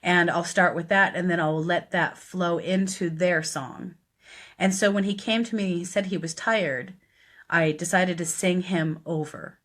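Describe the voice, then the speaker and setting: A woman's voice: on the low side, steady tone, a little slow, a bit bright. A woman, a death doula, earnestly telling a personal story on a live stream, chatty and full of fillers. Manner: earnest, conversational, many fillers.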